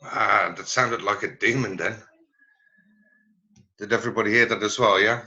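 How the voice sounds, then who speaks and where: Guy presenting on a video call, lowish voice but bright and forceful, stops and hunts for words a lot. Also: fairly even intonation, dull audio. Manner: halting, searching for words. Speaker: presenter at a learning network meeting. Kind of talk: online meeting presentation.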